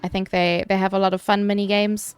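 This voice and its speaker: A woman streaming a game, chatting casually with her viewers, swearing loosely and answering chat between quick laughs. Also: mid-range voice, flat delivery, smooth, faint music behind.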